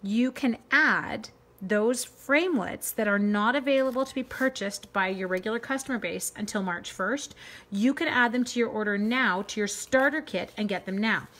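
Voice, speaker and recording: A woman's voice: mid-range voice, moderate pace, fairly bright tone. Chatty woman demoing crafts live. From Canada. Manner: chatty, upbeat, greets live viewers by name. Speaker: card-making demonstrator.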